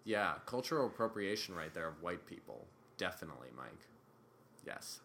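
A young man trades sarcastic jabs with his co-host in relaxed podcast banter. His voice rises and falls a lot as he talks, and it sits bright and forward. He teases, exaggerates and plugs his events in the same breezy way. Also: deep voice, normal speed, slight background noise. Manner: sarcastic, animated, teasing. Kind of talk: casual banter.

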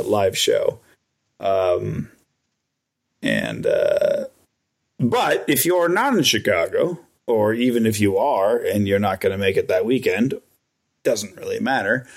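An American man in a relaxed podcast chat, his voice carrying a gravelly fry. He jokes around and keeps doubling back with fillers and restarts as he talks. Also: mid-range voice. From United States. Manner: loose and joking, with frequent fillers and restarts. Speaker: podcast co-host. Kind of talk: casual chat.

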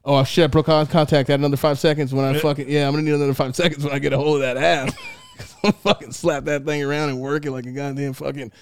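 A man's voice: a little high, flat delivery, fast, clear, resonant tone. A man hosting a podcast, playing a party game with crude, rambling, profane banter and frequent laughter. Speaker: podcast host.

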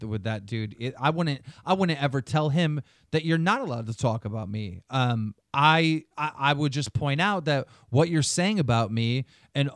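A man's voice: mid-range voice, no echo, clean studio sound. A man hosting a podcast, ranting in heated, profane, casual talk. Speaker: podcast host.

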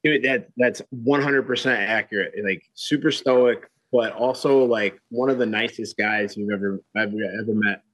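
A man's voice: medium pitch, normal speed, hardly any pauses, a bit bright, no echo, rough recording. A man talking casually as a guest, laid-back, with many fillers and restarts. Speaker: guest fighter. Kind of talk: casual chat.

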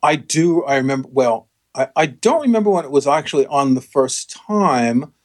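With medium pitch and lively intonation, this male co-host talks at a moderate pace in a casual chat. His explanations are patient and wry, sprinkled with fillers and restarts.

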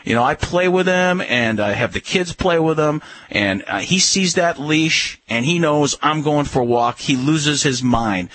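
A man's voice: a little high, lively intonation, normal speed, few pauses, a bit bright, rough recording. A man on a call-in radio show giving dog-training advice in a firm, instructive way, often repeating key words.

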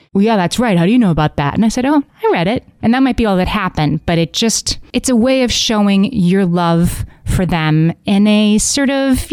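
A woman's voice: lowish voice, a little mellow, clean tone, dry recording. Candid woman giving parenting advice, dry mic. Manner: candid, conversational, acts out quoted kids. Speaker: parenting podcast host. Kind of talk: advice podcast talk.

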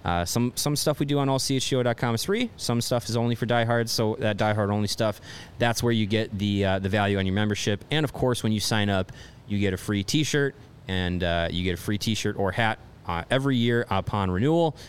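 Low-voiced man rambling on a podcast. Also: smooth. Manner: loose, halting delivery with many restarts. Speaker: podcast co-host. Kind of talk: casual sports podcast chat.

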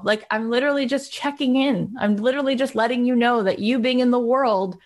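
A woman who hosts a podcast, leading a live online workshop in a chatty, enthusiastic way with many fillers. She jumps up in pitch when she quotes friends. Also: brisk, hardly any pauses. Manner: acts out quoted friends in a higher voice. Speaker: podcast host and coach.

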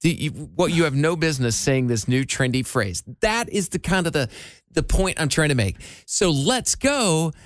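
A man's voice: fairly high pitch, lively intonation, moderate pace, dry recording. A male radio host in easy on-air banter who wanders through his gripes with a wry, self-mocking streak. His voice swings up and down a lot, and the studio mic sounds close and dry. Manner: wry, rambling, self-deprecating complaints. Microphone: studio microphone.

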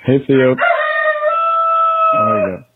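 A man calling in to a podcast to tell a story, speaking in a flat, matter-of-fact way with halting pauses. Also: mid-range voice, heavy background noise. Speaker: caller. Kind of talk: phoned-in storytelling. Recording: tinny phone line.

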